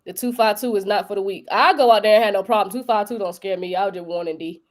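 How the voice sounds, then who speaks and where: A woman's voice: mid-range voice, quick pace. A young woman from North Carolina with a local accent, hosting a casual crypto live stream in a joking, slangy way. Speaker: crypto show host.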